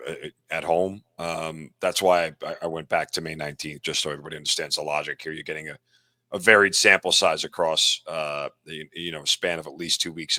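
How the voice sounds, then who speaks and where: Male betting analyst, blunt, very deep voice, forceful tone. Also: no echo, clean studio sound. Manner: blunt, self-deprecating, talks through stats. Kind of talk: casual sports betting talk.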